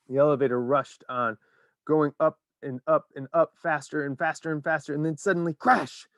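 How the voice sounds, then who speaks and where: A man narrating a children's story in an expressive, animated reading. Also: on the high side, moderate pace, dry recording, clean studio sound.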